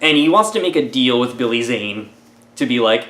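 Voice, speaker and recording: A man at an ordinary middle pitch tears into a film in a mocking, sarcastic review. He rambles and leans on filler words as he goes, and his voice carries a noticeable roomy echo. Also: expressive, normal speed, fairly bright tone. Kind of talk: comedic movie review.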